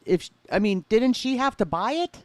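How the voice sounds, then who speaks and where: A woman's voice: fairly high pitch, lively intonation, moderate pace, no echo. A woman hosting live reaction commentary, making blunt, skeptical remarks and greeting her chat. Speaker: commentary streamer reacting to a clip.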